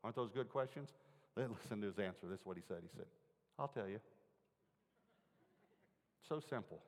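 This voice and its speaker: A man with a fairly low voice preaches a sermon, telling a personal story in an earnest, chatty way. His words ring out with a long reverb, as in a large hall. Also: lively intonation, fairly quick, pauses often. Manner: earnest, conversational, asks the audience questions.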